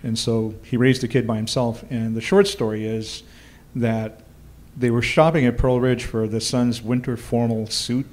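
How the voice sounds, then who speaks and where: A man's voice: medium pitch, little pitch movement, moderate pace, few pauses, a little mellow. A man with a Hawaiian accent who tells ghost-tour stories in a laid-back, dry-humored way during a casual chat recorded live in a bar. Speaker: ghost tour guide and storyteller.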